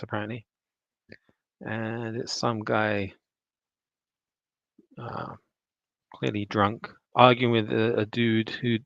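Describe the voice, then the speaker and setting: Gravelly man giving casual commentary. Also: mid-range voice, dry recording. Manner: loose, conversational, scornful asides. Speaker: teacher and news commentator. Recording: dull lo-fi dry sound.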